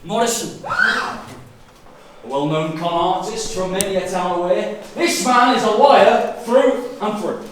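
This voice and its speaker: A man's voice: sits high, moderate pace, hardly any pauses, lightly acted. An actor playing a smug man who exposes a liar, with an arch, theatrical delivery, heard in a theatre. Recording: echoey theatre from far, faint noise.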